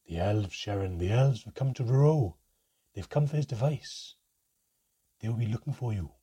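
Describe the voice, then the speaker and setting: A man voicing an urgent, hushed old goblin priest in a storybook reading. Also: lowish voice, animated, moderate pace, breathy edge.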